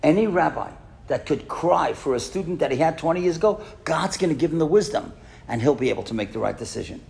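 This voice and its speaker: A man lecturing as a rabbi to a congregation, his slightly higher voice carrying a gravelly edge. He tells stories in a lively, animated way, acting out the voices of the people in them and joking with the listeners in the hall. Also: fast. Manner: animated storyteller, acts out quoted voices, jokes with audience. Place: synagogue hall with live audience.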